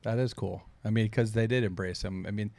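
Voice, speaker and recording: A man's voice: on the low side, steady tone, a little fast, gravelly, darkish tone, dry recording. A man co-hosting a podcast, chiming in with short agreeing remarks in casual chat. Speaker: podcast co-host.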